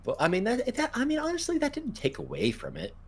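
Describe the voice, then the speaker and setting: A man's voice: very high-pitched, huge pitch swings, fast, slight background noise. A man co-hosting a casual podcast, laid-back and swearing now and then, trailing off with ums. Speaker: podcast co-host.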